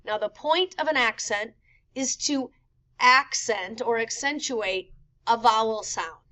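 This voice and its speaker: A woman teacher explaining grammar rules step by step in a recorded lesson, slowing down to spell out examples. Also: a little high, pushed and bright, poor audio. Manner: clear, methodical explaining with slow spelled-out examples. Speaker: Spanish teacher.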